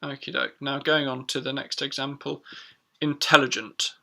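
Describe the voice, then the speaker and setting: A man teaching pronunciation in a chatty live stream, repeating words slowly for learners. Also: mid-range voice, flat delivery, creaky, sharp tone. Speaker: English teacher.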